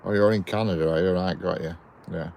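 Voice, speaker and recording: A man's voice: sits low, fairly even intonation, brisk, creaky, a little mellow, slight background noise. A Northern English man chatting casually at the trackside, reading and answering viewers' messages in a rambling way. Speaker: trainspotting livestream host. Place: outdoors by a railway line. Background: birds and outdoor ambience.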